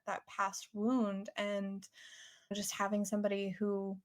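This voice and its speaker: A woman's voice: medium pitch, a little mellow. A woman in her twenties, a podcast guest, talking reflectively and supportively in casual chat, full of fillers.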